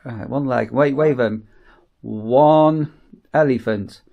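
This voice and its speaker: A man's voice: medium pitch, slow, gravelly, dull audio. A middle-aged man with a Northern English accent, teasing and joking in casual vlog banter. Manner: teasing, jokey, laughs often. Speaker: vlogger.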